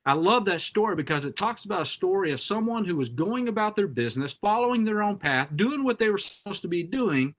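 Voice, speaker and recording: A man giving a keynote talk as the featured speaker, opening with an animated fable, probably over a video call. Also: high voice, brisk, hardly any pauses. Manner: animated storyteller. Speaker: executive director and featured speaker.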